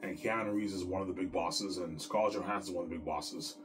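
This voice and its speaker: A man chatting casually on his vlog, rambling excitedly and stumbling over repeated words. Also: sits low, fast, background noise. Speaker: vlogger. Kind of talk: casual chat. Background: music.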